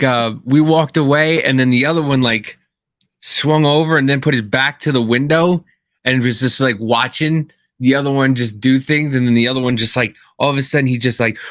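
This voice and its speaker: A man's voice: mid-range voice, fairly bright tone, dry recording, studio quality. A man co-hosting a podcast, telling rambling stories in casual chat, full of restarts and fillers. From Kansas. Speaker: podcast co-host.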